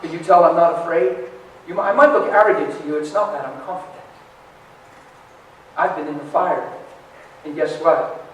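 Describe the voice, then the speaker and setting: Passionate preacher in an echoey hall. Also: male voice, fairly high pitch, moderate pace, long pauses. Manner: passionate, swings from shouting to hushed. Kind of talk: sermon. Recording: echoey hall from far off with faint noise.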